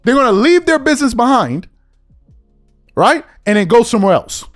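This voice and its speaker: A man's voice: extremely high pitch, big pitch swings, moderate pace, soft background music. A man hosting a podcast, delivering an exasperated opinion rant full of repeated rhetorical questions. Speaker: podcast host.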